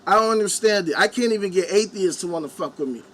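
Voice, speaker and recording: A man's voice: high-pitched, fast, a bit bright, a little hiss or hum. A man hosting a live stream, ranting angrily with heavy swearing and mocking the people he quotes. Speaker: live-stream commentary host. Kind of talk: profane ranting monologue. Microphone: webcam.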